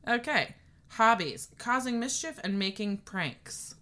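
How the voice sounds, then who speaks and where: A woman's voice: fairly high pitch, animated, unhurried, a bit bright. A woman co-hosting a casual podcast chat, reading notes aloud and breaking into giggles. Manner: giggly, reads notes aloud between laughs. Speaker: podcast co-host.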